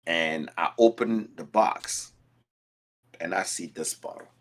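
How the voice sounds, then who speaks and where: A man chatting casually as a contestant on a whiskey show, animated and telling personal stories with frequent restarts. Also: low voice, slow. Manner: animated, storytelling with repeated restarts. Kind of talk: casual chat.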